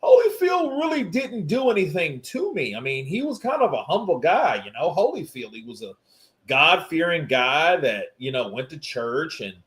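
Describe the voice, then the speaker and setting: A man's voice: on the high side, sing-song, normal speed, a bit bright. A man hosting a casual boxing livestream, loose and joking, who laughs often and swears freely. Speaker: live stream host.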